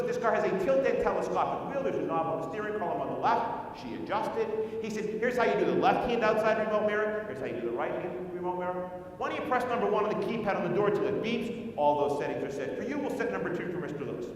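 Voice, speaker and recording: A man's voice: high voice, a little hiss or hum. A man giving a sales training talk at a conference, telling a story, acting out the people in it, and firing rhetorical questions at the audience. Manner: acts out the other people in his story. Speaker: conference speaker. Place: large conference hall. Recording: echoey hall, speaker far from mic.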